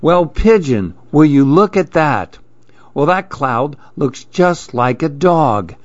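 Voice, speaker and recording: A gentle, wide-eyed little male mouse, as a man puts him on for a storybook, his voice lifted higher and softer than a grown man's. He muses slowly and wonderingly. The recording is dry and a little dull. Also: sing-song, no room sound. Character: timid dreamy male mouse, curious and gentle. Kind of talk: storybook read-aloud.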